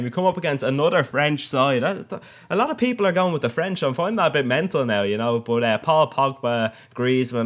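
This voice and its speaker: Young guy, gaming commentary, loose and cheeky, laughs a lot, average pitch. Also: a bit bright, slight background noise. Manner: chatty, jokey, crude, laughs often. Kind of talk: casual game commentary.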